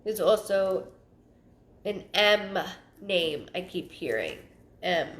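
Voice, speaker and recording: A woman giving a live psychic reading, thinking aloud in halting, repeated phrases and sounding stuffed up. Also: medium pitch, very animated. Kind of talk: livestream reading. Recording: roomy echo.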